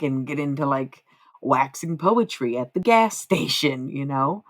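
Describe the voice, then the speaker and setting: A woman's voice: extremely low pitch, animated, measured pace. A woman livestreaming in casual chat, talking candidly with frequent profanity and self-mocking humor.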